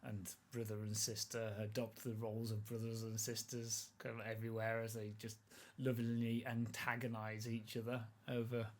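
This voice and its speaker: A man narrating a tabletop role-playing game as game master, relaxed and rambling, with lots of fillers and restarts. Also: fairly low pitch, moderate pace, hardly any pauses.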